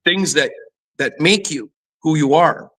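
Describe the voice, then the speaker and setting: A man's voice: on the high side, measured pace, a bit bright, low-quality recording. A middle-aged man, a former athlete turned fitness trainer, candidly telling a personal story in an interview, full of "you know" fillers. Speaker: guest, former pro football player and fitness trainer.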